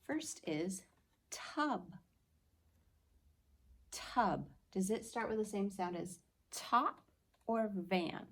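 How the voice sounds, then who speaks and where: A woman teacher giving an early-reading phonics lesson, patiently sounding out words slowly and clearly for young children. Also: mid-range voice, lively intonation.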